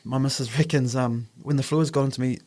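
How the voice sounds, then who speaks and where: A man's voice: mid-range voice, fairly even intonation, fairly quick, darkish tone. A man with a New Zealand accent telling a personal story in a casual podcast chat, earnest, acting out the voices of the people in it. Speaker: podcast host.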